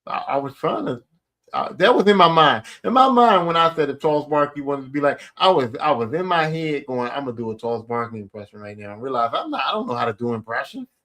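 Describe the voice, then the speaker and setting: Man, podcast host, slightly high-pitched, blunt, rambling, swears casually. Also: animated, brisk, a bit bright. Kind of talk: casual solo podcast monologue.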